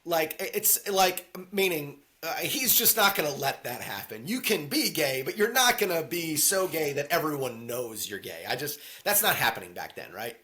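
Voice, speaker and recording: A man co-hosting a casual movie podcast, rambling and joking, now and then slipping into silly voices for quotes. His voice is bright and sits a bit high for a man. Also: big pitch swings, moderate pace, hardly any pauses. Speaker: podcast co-host.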